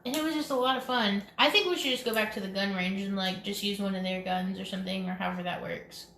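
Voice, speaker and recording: A woman's voice: medium pitch, fairly even intonation, fast talker, a bit bright, slight background noise. A woman co-hosting a casual live stream, chatty and giggly, rambling from topic to topic. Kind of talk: casual chat. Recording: echoey room.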